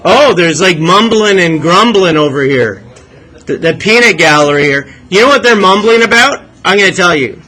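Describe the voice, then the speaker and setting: A man's voice: high voice, expressive, normal speed, bright, forceful tone, rough recording. A male math teacher leading a classroom lesson, coaxing students with questions and asking them to think aloud.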